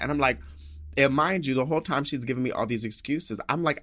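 A man's voice: mid-range voice, fairly quick, a bit bright. A man hosting a podcast, telling a story in a sassy, dramatic rant full of swearing and asides. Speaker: podcast host.

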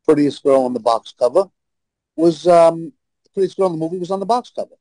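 A man's voice: on the high side, a little fast, warm tone, dry recording, rough recording. A man with a New York accent telling blunt, brash stories as a talk-show guest. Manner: brash, blunt anecdotal storyteller. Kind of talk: casual storytelling.

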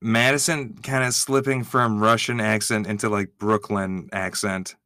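A man giving excitable, gushing reaction commentary, swearing freely as he reacts. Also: fairly low pitch, measured pace, no echo, clean studio sound.

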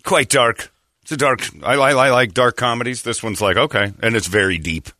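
A man's voice: mid-range voice, moderate pace, sharp tone. A man hosting a morning radio show in casual chat, rambling and breaking off his own sentences as he tells stories. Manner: rambling, self-interrupting storyteller.

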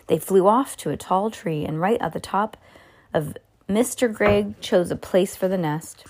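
A woman reading a children's book aloud in an expressive, lively way. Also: medium pitch, a little slow. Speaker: storyteller.

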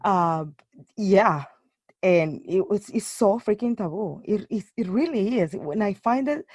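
A woman's voice: medium pitch, takes it slowly, slightly rough, no room sound. Chatty woman with dry close sound. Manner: animated storytelling, many fillers and restarts. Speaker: guest. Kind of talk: casual chat.

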